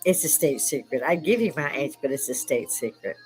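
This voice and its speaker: With an extremely low, darkish voice, lively intonation and a fairly quick pace, an older Chicago woman hosts a casual live stream chat over soft background music. The recording is rough; she's an army veteran who swears freely and laughs often between stories.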